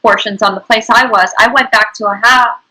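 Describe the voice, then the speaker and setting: A woman interviewer with a bright, slightly high voice. She presses her guest with emphatic, indignant questions. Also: fairly even intonation, fairly quick, low-quality recording. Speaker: host, interviewer.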